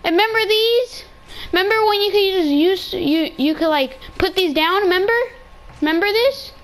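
A woman chatting casually while playing a video game, playful and excitable, often repeating herself. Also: very high voice, moderate pace. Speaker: gamer streamer. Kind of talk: casual gaming chat. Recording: noisy game capture.

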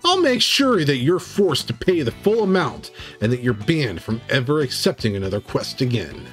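A man voicing an entitled, demanding female tiefling adventurer in a tabletop game, shrill and indignant. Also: sing-song, moderate pace, soft background music, lightly acted.

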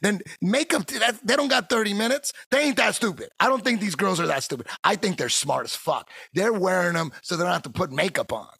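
A man hosting a podcast, talking in a rambling, profane, animated way in casual conversation. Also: high-pitched, a little fast, gravelly, hardly any pauses, slightly rough, no room sound. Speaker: podcast host.

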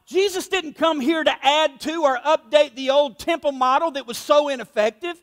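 A man preaching, voicing an indignant male apostle who shouts in exasperation. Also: extremely high pitch, normal speed, big-room sound. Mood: exasperated. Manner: shouting, emphatic.

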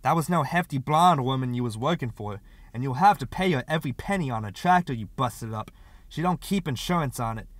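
A man voicing a stern, sharp-tongued rural wife who scolds in a cold, unfeeling way. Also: mid-range voice, lively intonation, a little fast, no echo, close to an everyday voice. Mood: scolding.

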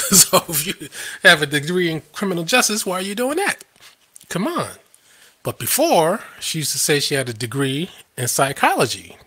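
A man's voice: fairly high pitch, sing-song, normal speed, sharp tone, breathy edge. A man hosting a live stream, ranting in a combative, scoffing way and laughing at his own points.

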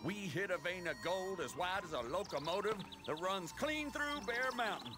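A man's voice: high-pitched, expressive, normal speed. An actor playing a proud middle-aged frontier father in a video game, talking in a hearty, folksy way. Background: game music.

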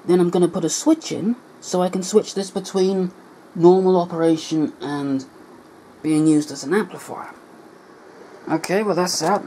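A man's voice: high voice, a little mellow, a little hiss or hum, low-quality recording. A man explaining an electronics repair at his workbench in a casual tutorial, thinking aloud and correcting himself as he goes. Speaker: electronics hobbyist.

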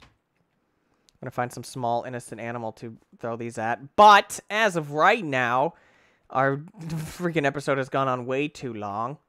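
A man giving excitable, rambling commentary on his gameplay, talking to himself and breaking into sudden shouts. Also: moderate pace, no room sound. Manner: excitable, with sudden shouts and big pitch jumps. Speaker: gaming channel host. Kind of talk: let's-play gameplay commentary.

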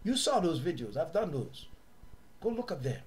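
A man with a southern African accent teaching his audience in an impassioned, preachy way, sometimes loud and sometimes hushed. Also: on the high side, sing-song, normal speed. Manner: preachy, repeats words, shifts from loud to hushed. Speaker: online teacher and host.

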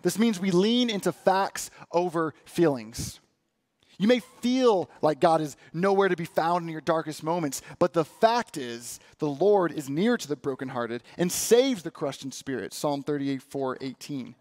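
A man preaching a sermon, praying and reading scripture in an earnest, lively way. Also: on the high side, a little slow, dry recording. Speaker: pastor.

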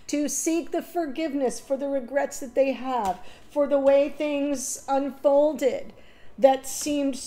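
A woman's voice: sits high, dark tone. A woman giving a casual spoken tarot reading, emotional and rambling, with fillers and self-corrections. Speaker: tarot reader.

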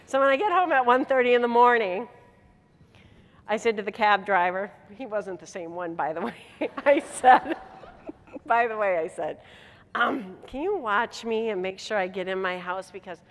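Speaking to a convention, a middle-aged Michigan woman shares a personal story as part of a motivational talk, her medium-pitched voice at a moderate pace. Animated and laughing, she performs bits of dialogue. The stage recording carries hall reverb.

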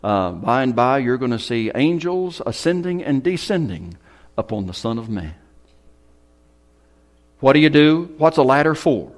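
A man pastor preaching a sermon, with dramatic swings from loud bursts to hushed whispers. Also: medium pitch. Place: church hall.

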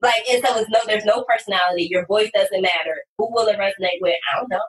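A woman guest on a podcast, talking about copywriting in an animated, emphatic way with sudden loud bursts. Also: mid-range voice, fast talker. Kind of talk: casual podcast conversation. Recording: distant, echoey room sound.

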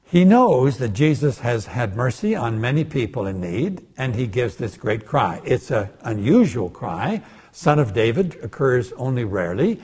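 A guest lecturer, an older man, gives a Bible lecture in a husky, slightly breathy voice of middle pitch. He speaks at a moderate pace with few pauses, narrating animatedly and often slipping into the voices of the people in the story.

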